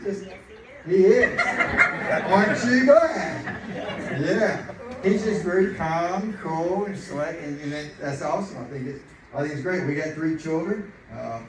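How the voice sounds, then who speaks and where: A middle-aged man preaching a sermon, chatty and animated, telling family stories and laughing along. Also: a little high. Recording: echoey room, distant mic, noisy.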